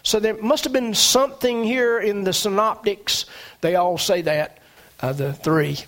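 A man preaching a sermon, animated, with dramatic swings in pitch and loudness. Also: a little slow.

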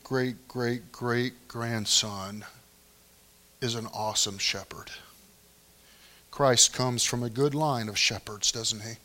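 A middle-aged man preaching a sermon, telling stories in an animated way that swings from loud to hushed. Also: medium pitch. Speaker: pastor.

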